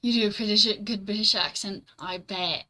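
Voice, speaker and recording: A young woman streamer rambles casually, reading her chat and answering it, swearing offhandedly and laughing a lot. Her medium-pitched voice is pushed and bright at a moderate pace, on a rough recording.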